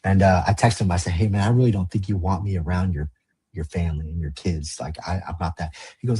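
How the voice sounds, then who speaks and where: A man's voice: low-pitched, fairly even intonation, fast talker, warm tone, breathy edge. A man telling his life story as a podcast guest, blunt and profane, acting out past conversations in quoted lines. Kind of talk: candid storytelling in a podcast interview.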